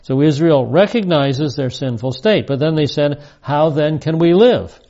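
A man in his seventies teaches the Bible verse by verse, reading passages aloud and hitting key phrases with emphasis. His voice is slightly high and dark in tone, with lively intonation and an unhurried pace. The recording is dull and lo-fi.

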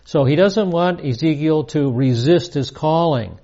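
A man teaching through scripture verse by verse, his voice sitting a little high yet soft and mellow. He hammers key points by repeating them with rising stress, and the sound is slightly muffled and lo-fi. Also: a little slow. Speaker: Bible teacher.

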